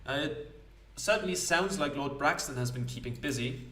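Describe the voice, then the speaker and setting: A man voicing a sharp-tongued young woman investigator with a British accent and a wry, dry manner. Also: mid-range voice, moderate pace, roomy sound, far from the mic, natural voice.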